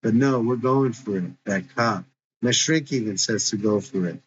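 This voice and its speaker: A man's voice: on the low side, normal speed, close to an everyday voice. A man voicing an earnest, worried young woman eager to help, who speaks insistently, in a dull lo-fi recording.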